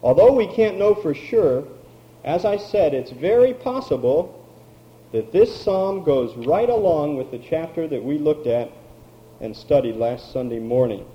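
A man preaching a sermon, slow and emphatic, drawing out key words. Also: fairly high pitch, animated, muffled recording. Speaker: pastor.

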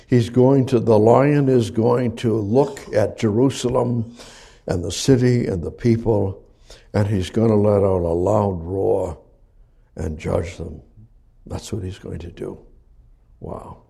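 A man preaching a sermon, reading Bible verses and explaining them slowly, repeating phrases and restarting words, rising for emphasis. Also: lowish voice, vocal fry, warm tone, breathy edge.

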